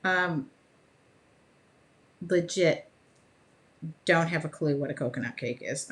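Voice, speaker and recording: A woman's voice: deep voice, slow pace, long pauses. A middle-aged woman hosting a live art journaling demo, chatting casually and laughing often as she works. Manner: chatty, laughs often, talks while working.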